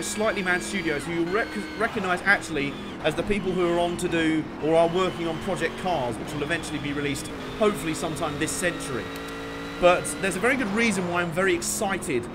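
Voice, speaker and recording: Excitable man over roaring game engines. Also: sits high. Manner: animated, jokey, exclamatory. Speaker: gaming channel host. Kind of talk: excitable racing commentary over gameplay. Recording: game car noise under voice. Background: racing game engine noise.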